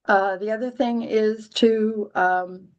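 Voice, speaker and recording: A woman's voice: medium pitch, steady tone, slow, highs cut off. A woman hosting a casual astrology chat, rambling with many restarts and dry, giggly humor. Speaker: astrology podcast host.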